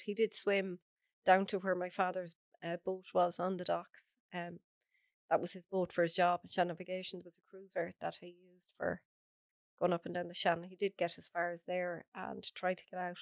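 A woman's voice: lowish voice, flat delivery, normal speed, creaky, no room sound. An Irish woman, a podcast guest, earnestly recounting a personal story in close detail. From Ireland.

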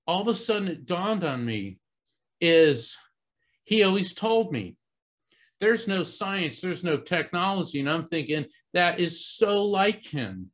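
Earnest storytelling man, slightly high voice. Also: fairly bright tone. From Central Florida, US. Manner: earnest and conversational, with frequent fillers and restarts. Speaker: psychic medium giving a talk. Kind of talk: storytelling talk to a live audience.

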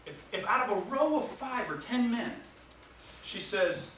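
A male sales trainer leading a classroom training session, energetic and quizzing the class with questions. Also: high voice, unhurried. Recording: echoey room, distant mic, background noise.

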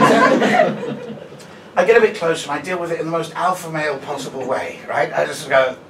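Chatty stand-up comic, forties. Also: male voice, a little high, reverberant, very noisy. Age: 40s. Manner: chatty, self-deprecating, tags lines with "right?". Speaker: stand-up comedian. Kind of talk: stand-up storytelling. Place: comedy venue stage. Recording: live room, mic at a distance, loud audience.

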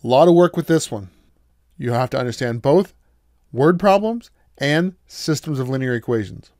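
A man's voice: mid-range voice, expressive, normal speed, a little mellow, dry recording. Patient man giving a dry math lecture. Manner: patient, explains step by step with questions to students. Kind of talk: recorded lecture.

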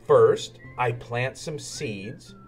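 Old grandpa pig from a storybook, gentle and explaining; a man reads him in his own pitch. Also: extremely slow, faint music behind. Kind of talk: storybook read-aloud.

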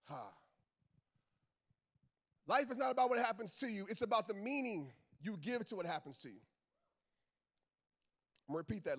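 This man's voice sits high and is expressive, brisk, and full of frequent pauses. He's a motivational speaker who coaches football and is a father, giving an emphatic, preachy address to a live crowd in casual Southern slang, speaking to them directly and repeating his central points.

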